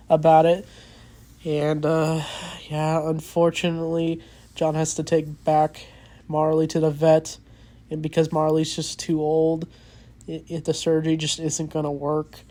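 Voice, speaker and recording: In a casual spoken movie review, the reviewer comes across as earnest and openly emotional, halting often with restarts and fillers. The voice is mid-range and warm, though the delivery stays monotone.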